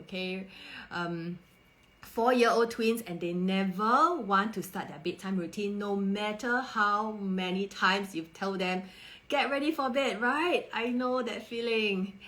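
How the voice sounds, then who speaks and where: A woman's voice: mid-range voice, low-quality recording. A woman in her thirties hosting a parenting live stream, asking viewers questions and speaking in an empathetic, coaxing way. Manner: warm-toned rhetorical questions, coaxing and empathetic.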